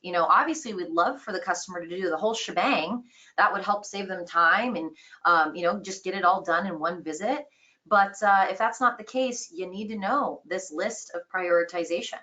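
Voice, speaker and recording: Bright-voiced woman trainer, upbeat and conversational, explaining sales steps. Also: on the low side, moderate pace. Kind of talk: online training course.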